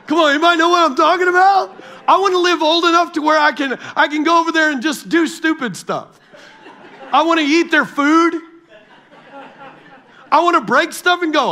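A middle-aged man preaching to his church congregation as pastor, animated and joking with the crowd. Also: very high-pitched, normal speed, pauses often. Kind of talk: sermon. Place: large church hall.

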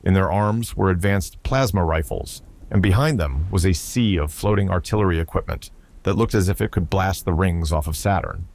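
A man narrating a science fiction story with a steady, even delivery. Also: deep voice, moderate pace. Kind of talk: scripted narration.

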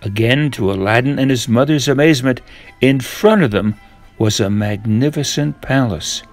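An older man reading a fairy tale aloud to children in a gentle, measured way. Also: mid-range voice, faint music behind. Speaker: storyteller.

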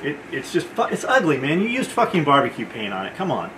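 A man's voice: a little high, wildly swooping pitch, quick pace, hardly any pauses, reverberant, far from the mic, background noise. A man running a gear shop, ranting bluntly and with swearing about a product. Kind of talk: ranting casual talk.

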